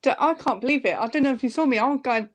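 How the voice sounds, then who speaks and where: High-voiced woman host, emphatic. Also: quick pace. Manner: emphatic, exclaims in disbelief. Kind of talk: casual chat.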